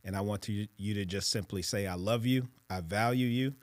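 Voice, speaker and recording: A man hosting a podcast, talking in an earnest, deliberate way. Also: lowish voice. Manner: earnest, deliberate, speaks slowly when challenging listeners. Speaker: podcast host. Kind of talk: casual conversation.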